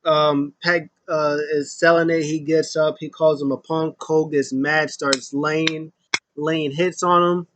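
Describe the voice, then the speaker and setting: Excitable man recapping a wrestling match. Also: on the high side, unhurried, background noise. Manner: excitable, acts out wrestlers' lines in raised voices. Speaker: wrestling show reviewer. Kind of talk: casual play-by-play recap.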